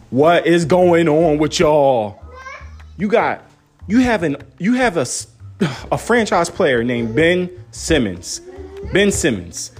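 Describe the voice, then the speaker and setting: A man's voice: a little high, husky. A young man, a father, ranting into his phone camera about his basketball team, firing off incredulous rhetorical questions. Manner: animated, incredulous, rapid-fire rhetorical questions. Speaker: sports fan vlogger. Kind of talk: casual phone-camera rant.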